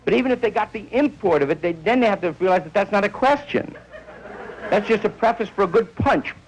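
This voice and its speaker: A man's voice: sits high, animated, brisk, rough recording. A man doing a rambling stand-up comedy monologue, telling stories and acting out bits of dialogue.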